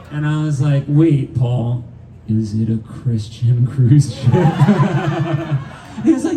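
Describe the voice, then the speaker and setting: A man's voice: medium pitch, animated, slow pace, mellow. A middle-aged man, a band's singer, telling a rambling, profane story with frequent laughs between songs on a live stage. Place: live music venue stage. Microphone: stage vocal mic recorded from the crowd. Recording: distant live audience recording with band.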